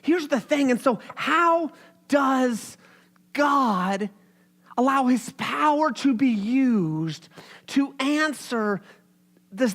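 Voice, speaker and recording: A young man, a pastor, preaching in a conversational, animated way. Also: extremely high pitch. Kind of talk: sermon.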